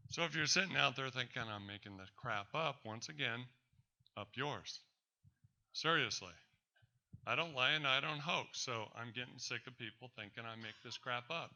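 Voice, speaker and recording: Man, presenter, storytelling talk, emphatic, defiant, bright tense tone. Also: medium pitch, normal speed, vocal fry. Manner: emphatic and defiant, addresses doubters directly.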